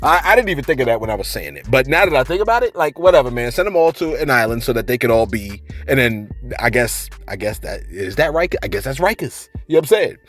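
A man hosting a celebrity news channel in casual commentary, reading viewer shout-outs and tagging sentences with "man" and "you know what I'm saying". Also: mid-range voice, very animated, fast talker, hardly any pauses, faint music behind.

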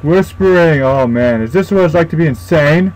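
A man's voice: a little high, animated, normal speed, a little mellow, rough recording. Frightened young man playing a horror game. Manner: frightened, swearing, talking to himself. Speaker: gaming YouTuber. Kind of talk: horror game let's play commentary.

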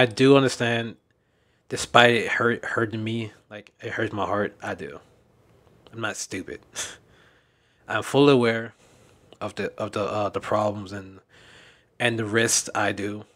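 A young man talking candidly in a personal vlog, weary and emotional, speaking haltingly with sighs and repeated restarts. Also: on the low side, fairly even intonation, a bit bright. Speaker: fan dub director and content creator.

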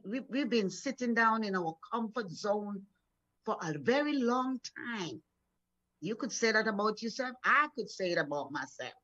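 A woman's voice: mid-range voice, fairly bright tone. Encouraging woman minister preaching, lo-fi sound. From Florida, USA. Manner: encouraging, storytelling, repeats words when building up. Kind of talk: devotional sermon. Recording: dull lo-fi sound.

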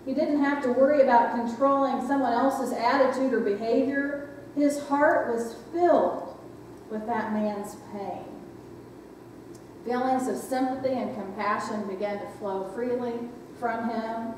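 A woman's voice: a little high, a little slow, darkish tone, slight background noise. A woman pastor giving a reflective sermon, often asking the congregation questions. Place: church sanctuary. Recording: echoey church hall from far off.

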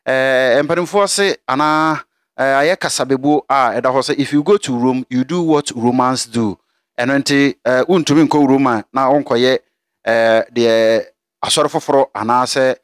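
A man from Ghana hosting an online show, thanking his guest and signing off, pausing often on "eh". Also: mid-range voice, fairly bright tone, smooth, dry recording, clean studio sound. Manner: thankful, hesitant with frequent "eh" fillers. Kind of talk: interview wrap-up and sign-off.

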